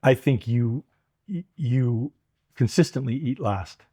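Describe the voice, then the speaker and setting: A man's voice: medium pitch, animated, slow, warm tone, slightly rough. A man interviewing his business partner, asking pressing, insistent questions.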